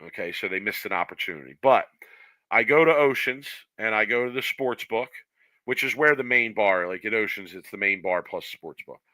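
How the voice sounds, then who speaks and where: A man co-hosting a podcast, spinning an animated story and acting out the people in it. His voice is very bright and cutting. It sits close and dry on the mic, with no room sound. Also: lowish voice, moderate pace, no room sound, rough recording. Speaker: podcast co-host. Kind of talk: casual storytelling chat.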